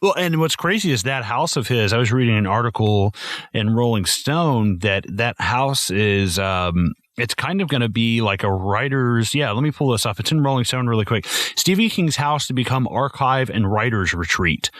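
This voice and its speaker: Man, podcast host, profane, enthusiastic, rambling, mid pitch, dry close mic. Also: lively intonation, normal speed, a bit bright, no echo. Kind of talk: casual film-review chat.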